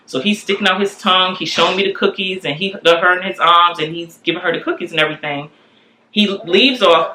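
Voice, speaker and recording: Forties woman telling a family story, animated, bright tone, echoey room. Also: on the low side. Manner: animated, acts out quoted voices. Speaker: guest telling her story. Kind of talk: candid storytelling.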